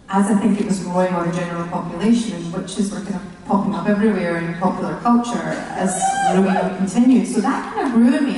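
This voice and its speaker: A woman's voice: mid-range voice, noisy background. A woman on a convention panel answering a question playfully, often laughing. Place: large convention hall with a crowd. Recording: echoey hall from far off, loud crowd.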